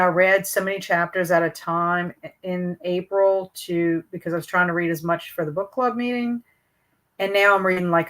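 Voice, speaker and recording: A woman's voice: on the low side, a bit bright. A woman hosting a book livestream, chatting casually and reading out viewer comments, with a chatty, hesitant manner full of fillers and restarts. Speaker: booktube host reading live chat.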